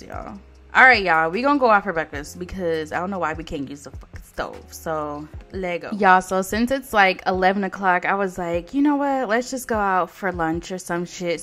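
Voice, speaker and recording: A woman's voice: medium pitch, fairly bright tone. Sassy, swearing woman commentating a game. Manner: sassy, profane, chatty, talks to viewers. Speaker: gameplay commentator. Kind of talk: casual let's play commentary.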